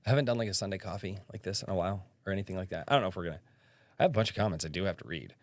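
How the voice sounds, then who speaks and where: A young man with a low-pitched voice races along on a casual livestream podcast, with no echo in the sound. He's a chatty storyteller, spinning stories and reading chat comments aloud as he goes.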